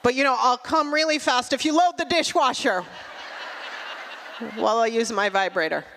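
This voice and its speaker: A middle-aged woman doing a stand-up comedy set, with a dry, deadpan delivery and quick asides. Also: a little high, slight background noise. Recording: long hall reverb.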